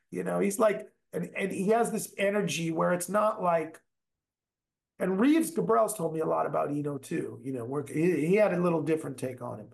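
A man, a bass player, telling rambling, profane stories in a casual chat. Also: fairly quick, gravelly. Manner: animated, profane, rambling anecdotes. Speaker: musician guest, bass player.

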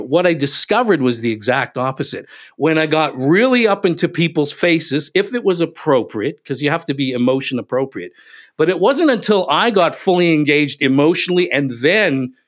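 A man speaking as a podcast guest, telling stories with emphatic, animated delivery. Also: fairly high pitch. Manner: animated, emphatic, acts out quotes. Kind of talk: casual interview storytelling.

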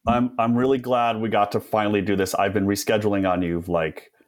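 A man's voice: on the low side, level tone, a little fast, slight background noise. Chatty, enthusiastic male podcast host. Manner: chatty, enthusiastic, laughs easily. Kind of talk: casual interview chat.

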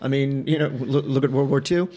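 A man's voice: mid-range voice, steady tone, fairly quick, dark tone. A man hosting a casual podcast, rambling with many restarts and crude jokes.

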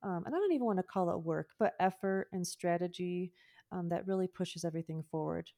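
A woman's voice: lowish voice, brisk, mellow. A woman speaking as a podcast guest in a thoughtful, casual way, building on her partner's points. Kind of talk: casual conversational chat.

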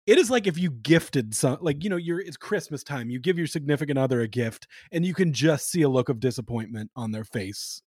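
A man co-hosting a podcast in casual chat, animated and joking, cursing freely. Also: medium pitch, brisk, hardly any pauses, husky, dry recording, clean studio sound. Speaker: podcast co-host.

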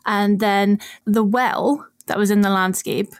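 A woman's voice: mid-range voice, steady tone, unhurried, creaky, no echo, studio quality. A woman co-hosting a podcast, explaining archaeology in casual chat and often laughing as she talks.

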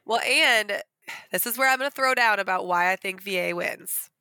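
Woman podcaster, argues her point with energy, bright tone, dry close mic. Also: medium pitch, normal speed, no echo. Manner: animated, argumentative. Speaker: podcast co-host. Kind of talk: casual book discussion.

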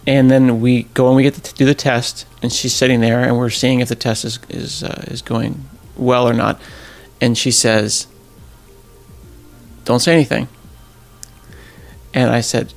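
A middle-aged man, a podcast host, telling a personal story in a casual, animated way and acting out the people he quotes. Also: medium pitch, normal speed, vocal fry, long pauses, faint music behind. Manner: animated, acts out quoted voices, laughs at himself.

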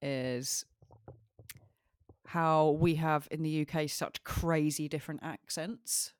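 Playful Southern English woman, low voice. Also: fairly even intonation, slow pace, clear, resonant tone, dry recording, clean studio sound. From England. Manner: playful, laughing, teasing. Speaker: podcast co-host. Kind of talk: casual chat.

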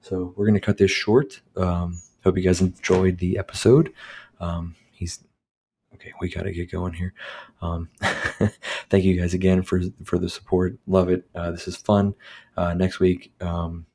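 A man's voice: sits low, level tone, a little slow, mellow, a little hiss or hum. A man hosting a casual solo podcast at home, reviewing a movie in a rambling, profane way full of fillers and restarts. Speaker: podcast host. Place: home recording with his dog nearby.

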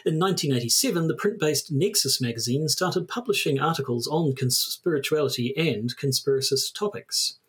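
A man co-hosting a podcast, speaking in a measured, dry way and reading passages from a paper aloud. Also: a little high, animated, husky. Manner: measured, dry, with hesitant fillers. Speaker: podcast co-host.

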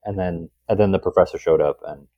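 A man in a tabletop game who talks casually, haltingly repeating his words. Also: deep voice, dry recording. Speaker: player. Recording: dull, dry close mic.

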